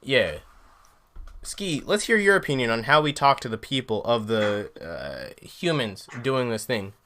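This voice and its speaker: Bright-voiced man ranting on a podcast. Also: mid-range voice, very animated, a little slow. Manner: emphatic, profane, ranting. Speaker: podcast co-host. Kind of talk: casual podcast chat.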